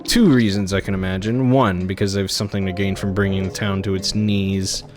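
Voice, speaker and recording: A man's voice: sits low, steady tone, fairly quick, over music, natural voice. A man reading aloud the lines of a cold, haughty woman who runs a market, in a curt, dismissive manner. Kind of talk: reading game dialogue aloud.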